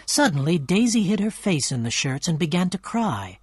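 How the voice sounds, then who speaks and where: A man's voice: high voice, sing-song, normal speed, slightly rough, no room sound. Man narrating a storybook, dry sound. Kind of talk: scripted storybook narration for learners.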